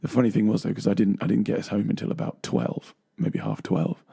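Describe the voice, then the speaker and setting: A man's voice: fairly low pitch, fairly even intonation, fairly quick, vocal fry, warm tone, husky. A young man, co-hosting a casual chat show, rambling along with many fillers and laughs. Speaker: co-host.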